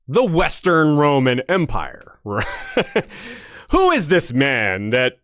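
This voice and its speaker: A man hosting a lore commentary podcast, talking casually and animatedly, with fillers and quick self-corrections. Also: mid-range voice, fairly bright tone, no echo, studio quality. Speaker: podcast host.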